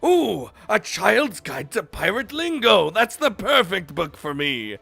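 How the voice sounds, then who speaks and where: A man's voice: high voice, very animated, slow pace, vocal fry, pushed and bright, slightly rough, faint music behind, pitched above the performer's own voice, full character voice. A man voicing an otherworldly man who talks in stagey pirate lingo, theatrical and wide-eyed. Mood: delighted.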